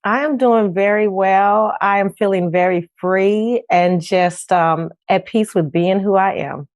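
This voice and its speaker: A woman's voice: mid-range voice, measured pace, no echo, studio quality. A woman from Las Vegas calling in as a guest on an interview show, speaking in an earnest and open way. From Las Vegas, Nevada. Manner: earnest, open, laughs easily. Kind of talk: casual interview chat. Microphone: remote call-in.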